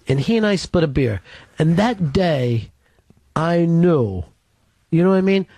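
Deadpan man telling a profane story. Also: on the high side, a little slow, no echo. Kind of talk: comic storytelling.

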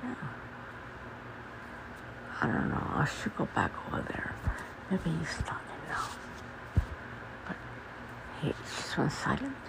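Gravelly man venting with lots of swearing. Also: on the high side, huge pitch swings, slow, pauses often. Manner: rambling, swears a lot, shifts between hushed mutters and angry outbursts. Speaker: vlogger. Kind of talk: casual venting monologue. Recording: noisy background.

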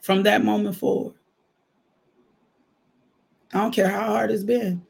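A man's voice: sits high, unhurried, vocal fry, pauses often, slightly rough. A man, preaching a casual devotional and telling his own testimony with laughter. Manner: animated storytelling testimony, frequent laughter. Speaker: minister.

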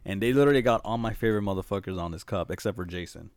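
A man's voice: on the low side, rapid-fire, a little mellow, clean tone, no room sound. A man co-hosting a casual podcast, chatting loosely with frequent laughs, swearing and restarts. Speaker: podcast co-host. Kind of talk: casual chat.

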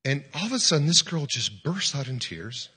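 A man preaching a sermon, telling a story with acted-out dialogue and occasional shouted commands. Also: a little high, big pitch swings, moderate pace, slightly rough. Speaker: pastor.

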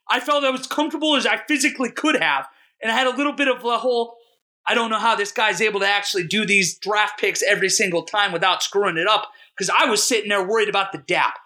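A young man co-hosting a podcast, telling a long rambling story in a self-mocking, excitable way. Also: extremely high pitch. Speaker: podcast co-host. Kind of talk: casual storytelling chat.

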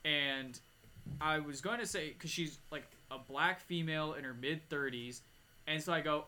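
A man's voice: a little high, moderate pace. A man co-hosting a casual podcast chat, telling a work story and acting out the people in it. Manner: animated storyteller acting out quoted voices. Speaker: podcast co-host. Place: home garage.

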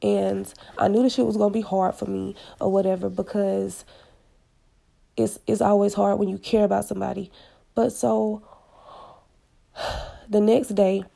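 A woman's voice: mid-range voice, creaky, mellow. A woman casually retelling a personal story with blunt, slangy, profane candor. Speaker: podcast storyteller.

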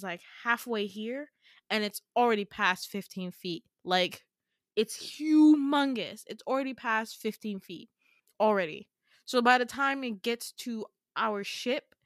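A woman's voice: medium pitch, a bit bright, no room sound, studio quality. A woman podcast host telling a dream story in a casual, chatty way, packing her talk with filler words and laughing often. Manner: chatty, heavy use of filler "like"; laughs often while talking.

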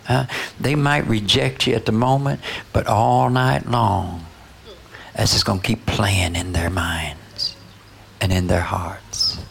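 Gravelly, slow-preaching man. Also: on the low side, fairly even intonation, slight background noise. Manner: call-and-response preaching, frequent "Huh?" and "you know". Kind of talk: sermon.

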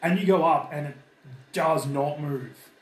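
A man's voice: a little high, measured pace. A man narrating as game master in a casual, loose way. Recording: echoey room with faint noise.

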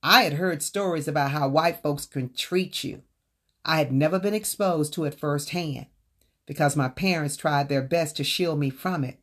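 A woman's voice: low-pitched, moderate pace. A woman earnestly telling a personal story from her own book, speaking straight to her listeners. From Southern United States.

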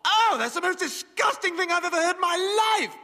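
A man's voice: very high voice, a little fast, pushed and bright, long reverb tail, slight background noise, full character voice. An actor playing a snooty, theatrical baby boy who reads primly and then shrieks in disgust. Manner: prim, appalled, shrieking outbursts.

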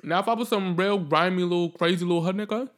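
A man hosts his own podcast solo, speaking fast and unscripted in a blunt, profane, sassy style. He swings between loud outbursts and low muttering.

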